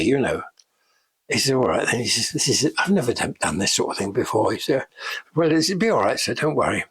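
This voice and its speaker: An older special effects veteran, interviewed in a shop, shares backstage anecdotes in a relaxed, chatty way, laughing often and acting out the voices he quotes. His voice is husky and breathy, and his pitch swings widely between phrases.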